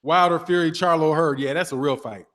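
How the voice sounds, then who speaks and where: A man's voice: a little high, fairly quick, a bit bright, in a large hall. A man hosting a casual boxing livestream, reading viewer comments, laughing often and throwing in slang like "dog" and "man". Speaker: boxing channel host.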